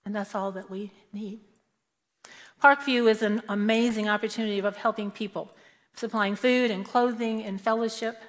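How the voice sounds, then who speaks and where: A woman speaks to a church congregation in an earnest storytelling manner, now and then acting out the people she describes. Her mid-range voice rings with a long, hall-like reverb from the sanctuary. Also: medium pitch. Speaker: church member giving a testimony. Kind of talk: prepared church talk with personal stories.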